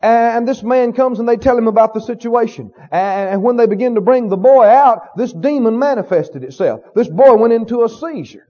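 A man's voice: very high voice, lo-fi sound. A man preaching a sermon with emphasis, often asking the congregation questions.

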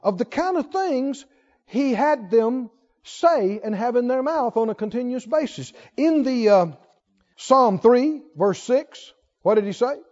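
A man's voice: very high-pitched, lively intonation, unhurried, darkish tone, big-room sound, muffled recording. A man preaching a sermon, drawing out phrases, singing lines and leading the congregation in call-and-response. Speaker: pastor.

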